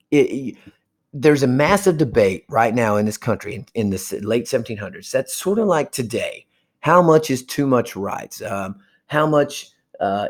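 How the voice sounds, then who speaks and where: A man giving a casual history lecture, chatting and briefly acting out historical figures. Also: medium pitch. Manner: chatty, acts out historical figures in quick asides. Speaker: history teacher.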